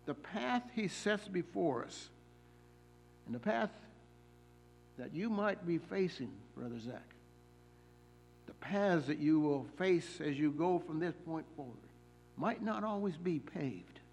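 Man, preacher, sermon, gravelly tone, fairly high pitch, halting phrasing. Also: expressive, darkish tone, a little hiss or hum. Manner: deliberate, slows and stresses scripture quotes; halting, with fillers and repeated words.

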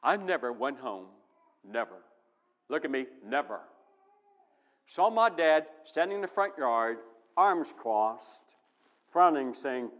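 A man preaching a sermon with emphatic delivery that swings between loud passages and hushed ones. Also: mid-range voice, expressive, measured pace, pauses often, dull audio. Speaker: pastor. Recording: long reverb in a large hall.

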